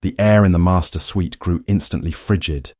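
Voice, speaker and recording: A man narrates a suspense story in a steady, dramatic storytelling voice. His voice is very low and deep. The recording is dry and close, with no room echo. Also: moderate pace.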